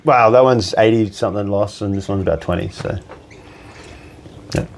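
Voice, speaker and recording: This bartender, a guest on a podcast, has a fairly low, gravelly voice and speaks at a moderate pace with slight background noise behind him. He chats casually through his anecdotes with lively energy, cursing and performing the voices of whoever he's quoting.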